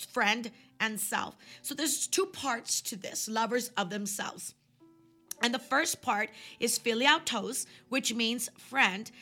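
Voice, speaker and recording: A woman hosting her own podcast, teaching from scripture in a chatty, conversational way and slowing down to read verses. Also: a little high, sharp tone. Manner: chatty, many fillers, slows down for scripture. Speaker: podcast host and Bible teacher.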